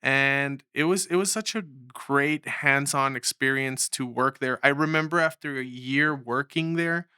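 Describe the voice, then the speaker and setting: A young man from Mexico sits as a filmmaker guest, telling his story in an animated way and slipping into the voices of the people he quotes. His voice is bright and clear, and the recording is close and dry. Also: medium pitch, unhurried, few pauses, no room sound. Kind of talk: storytelling interview.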